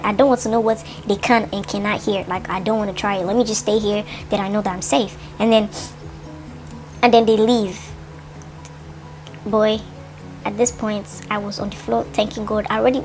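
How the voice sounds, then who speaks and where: A woman's voice: medium pitch, a little fast, faint music behind. A young woman tells a personal story to her vlog, full of fillers like "like" and acting out her own thoughts. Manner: animated storytelling, lots of "like", dramatizes her thoughts. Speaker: vlogger.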